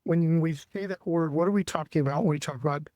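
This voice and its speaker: A man's voice: fairly high pitch, quick pace, dark tone, no echo. A man hosting a church family talk show, introducing his guests in a loose, friendly way. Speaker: host.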